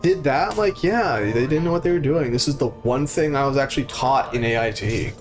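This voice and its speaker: With faint music behind him, a young streamer tells a story in a medium-pitched, animated voice at a fairly quick clip. The telling is casual and full of cursing, and he acts out the other people's voices.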